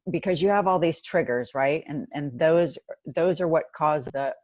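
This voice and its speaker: A woman hosting a podcast, speaking in a measured, affirming way as she sums up her guest's ideas. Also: deep voice, darkish tone, dry recording. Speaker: podcast host. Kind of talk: interview conversation.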